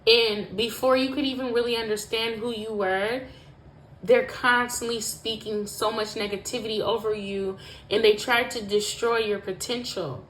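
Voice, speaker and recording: A woman with a fairly high, a bit bright voice and fairly even intonation speaks at a moderate pace, giving a pick-a-pile tarot reading to her viewers. She's emotional and emphatic, swears often and fills her talk with "like," recorded in an echoey room with faint noise.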